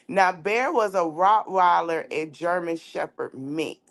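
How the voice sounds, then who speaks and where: A woman's voice: fairly low pitch, measured pace. Outspoken woman podcast host telling a story. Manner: outspoken, animated storyteller acting out dialogue. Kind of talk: candid casual commentary and storytelling.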